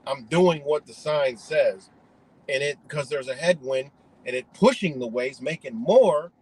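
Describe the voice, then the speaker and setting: A man's voice: medium pitch, a little slow, a little mellow, slightly rough, low-quality recording. A man ranting indignantly in a profane, rambling monologue.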